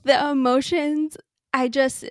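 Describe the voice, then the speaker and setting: A woman's voice: high-pitched, flat delivery, slow pace, dry recording, clean studio sound. A woman co-hosting a casual fan podcast, speaking earnestly and affectionately. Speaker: podcast co-host.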